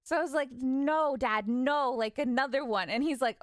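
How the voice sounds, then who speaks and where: Young female streamer, lively, mimics family members, bright upper register, dry booth sound. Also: high voice, brisk, few pauses, dry recording. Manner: animated, laughing, quotes parents in voices. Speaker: vtuber streamer. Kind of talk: casual storytelling.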